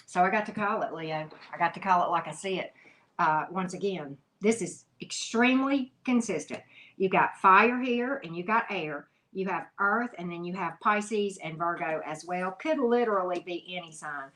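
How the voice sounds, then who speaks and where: A woman's voice: on the low side, normal speed, fairly bright tone. A woman giving a live tarot reading, talking emphatically and chattily to her viewers, with frequent "mm-hmm" asides. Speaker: tarot reader.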